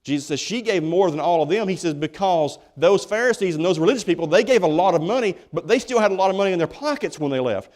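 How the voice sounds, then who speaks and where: Man, pastor, sermon in a church, folksy, emphatic, repeats himself, a bit high-pitched. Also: animated, fast talker, a little mellow. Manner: folksy, emphatic preaching with many repeated starts.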